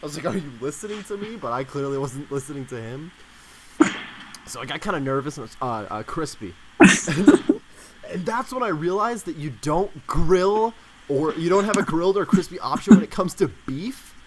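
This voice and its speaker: A streamer spins a casual story for their stream and keeps breaking into giggles. The voice sits at an ordinary middle pitch, and a steady hiss runs underneath it. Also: moderate pace. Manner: giggly, laughs through the telling.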